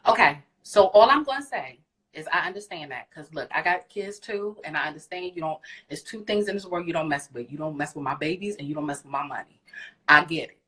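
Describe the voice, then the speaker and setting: A woman's voice: sits low, lively intonation, fairly quick, pushed and bright, rough recording. A woman giving frank, profane advice to the host of a live stream.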